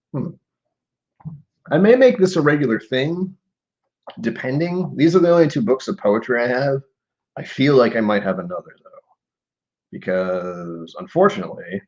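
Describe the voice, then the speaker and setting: A man chatting casually on a live stream and reading poetry aloud, rambling and muttering asides to himself. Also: fairly low pitch. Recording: dull lo-fi stream audio.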